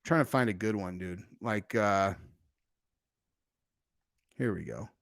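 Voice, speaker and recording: A man hosting a casual livestream, rambling loosely with frequent fillers and swings from loud to quiet. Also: on the low side, slow, creaky. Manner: animated swings in loudness. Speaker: host.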